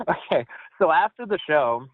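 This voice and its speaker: High, animated man on a tinny phone line. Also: moderate pace, no room sound. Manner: animated, high-pitched, jumps up when quoting himself. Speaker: phone-in caller. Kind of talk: casual storytelling over the phone.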